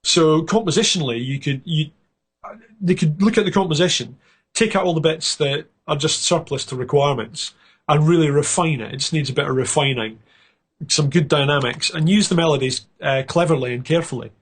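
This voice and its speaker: A man's voice: on the high side, brisk, slightly rough. A Scottish man giving a chatty, self-mocking critique as a guest panelist on a music review show.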